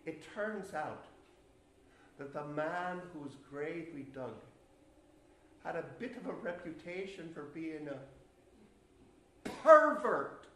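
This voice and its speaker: Fully in character, a young college actor plays a rural Irishman in a live stage monologue, telling a ghost story in a rambling, talkative way and laughing nervously. His fairly high, sharp-toned voice is animated, yet he takes it slowly with frequent pauses. The theatre is echoey, with slight background noise.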